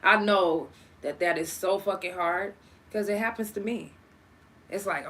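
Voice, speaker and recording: A young woman hosts a casual solo podcast, her mid-range voice moving at a normal speed over slight background noise. She's animated and profane, cursing freely as she talks straight to her listeners.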